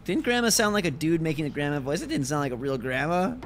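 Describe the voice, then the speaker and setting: A man's voice: fairly high pitch, sing-song, quick pace, a little hiss or hum. A man casually commenting on a video game as he plays, thinking aloud about each move. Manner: chatty, thinking aloud while playing. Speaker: gameplay commentator.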